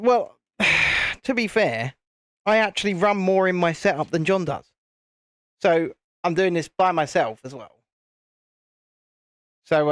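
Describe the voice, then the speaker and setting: British male streamer, rambling chat, slightly high voice, dry close sound. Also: dry recording. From United Kingdom. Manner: chatty, rambling, reads viewer chat aloud. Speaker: livestream host. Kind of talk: casual live stream chat while building. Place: home streaming setup with cameras and lights.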